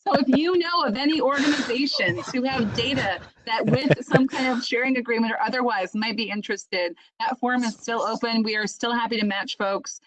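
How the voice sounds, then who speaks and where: A woman organizing volunteers, speaking in a quick, upbeat and enthusiastic way on a video call. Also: on the high side, a loud crowd, poor audio. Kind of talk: casual chat.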